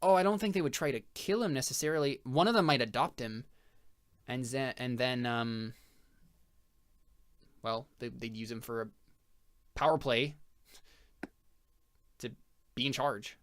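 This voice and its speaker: A man's voice: mid-range voice, a little slow, long pauses. Brief: male game master, loose and rambling, many fillers. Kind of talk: narrating a tabletop game.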